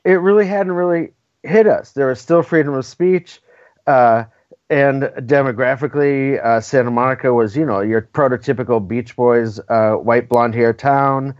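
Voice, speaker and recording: A man from California, appearing as a guest in a casual conversational interview, speaks emphatically and with strong opinions, often tagging his points with "right?" His voice is mid-range and darkish at a moderate pace, and the dry recording sounds dull and lo-fi.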